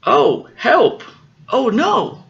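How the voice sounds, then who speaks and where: A man voicing a clever little male mouse in a storybook reading, with a bright, lilting voice. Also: fairly high pitch, lively intonation, unhurried, vocal fry, highs cut off, exaggerated voice. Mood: frightened.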